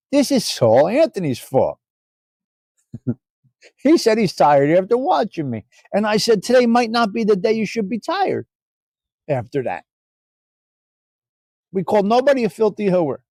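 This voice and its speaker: Man, middle-aged, live stream host, foul-mouthed joking banter, mellow tone, dry close sound. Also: sits high, dry recording. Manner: loose, profane, joking banter. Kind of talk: casual chat with live chat viewers.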